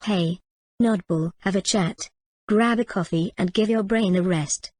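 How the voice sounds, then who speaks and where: A woman's voice: mid-range voice, a little slow, darkish tone, no room sound, lightly acted. A woman voicing a bold, nosy, outspoken neighbour woman in a storybook reading, blunt and pushy. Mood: teasing.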